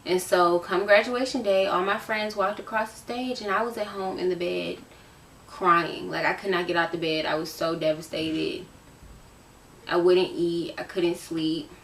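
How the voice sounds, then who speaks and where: A woman's voice: fairly low pitch, steady tone, moderate pace, gravelly, a bit bright, a little hiss or hum. A woman in her late teens from Virginia, talking candidly to camera in a casual, emotional storytime, often repeating herself for emphasis. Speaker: vlogger. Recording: roomy sound, voice from a distance.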